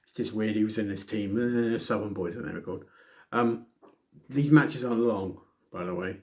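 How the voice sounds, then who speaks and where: A man's voice: lowish voice, moderate pace. A man casually reviewing a wrestling show on his own, rambling, correcting himself and making sarcastic asides.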